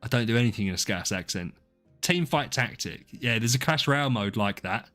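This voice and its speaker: Lively and brisk, this man's mid-range voice has a fairly bright tone as he live-streams and chats casually with his viewers. He rambles, jokes at his own expense, and addresses people in chat by name while faint music plays behind him.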